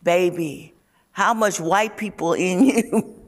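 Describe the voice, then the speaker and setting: A woman voicing a careful, discreet older hairdresser with a Southern US accent, speaking in a hushed, coaxing way. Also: lowish voice, slow.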